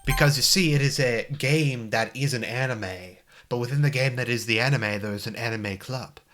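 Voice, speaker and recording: A man's voice: mid-range voice, moderate pace, a bit bright, soft background music, natural voice. A man doing a drawling old-timey Southern boy. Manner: mock-grand, drawling, folksy narration. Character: listless teenage boy narrator with an old-fashioned Southern drawl. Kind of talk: dramatic reading of a visual novel.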